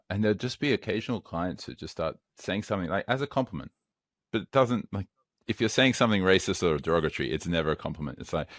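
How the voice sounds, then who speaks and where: A man's voice: rumbling low, no room sound, studio quality. A man in his thirties hosting a podcast, talking frankly and conversationally and swearing now and then. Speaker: podcast host. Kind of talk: podcast interview.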